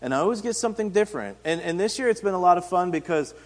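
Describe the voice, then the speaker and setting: A man's voice: sits high, lively intonation, rapid-fire. A man giving a casual, conversational sermon, retelling Bible stories in everyday speech. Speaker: pastor and teacher. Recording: reverberant hall.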